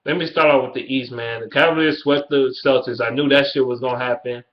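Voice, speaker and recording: A man's voice: mid-range voice, steady tone, quick pace. Ranting young man with a Detroit accent. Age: early 20s. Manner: blunt, heated, swears constantly. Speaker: YouTuber. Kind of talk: profane casual rant. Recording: dull lo-fi webcam audio.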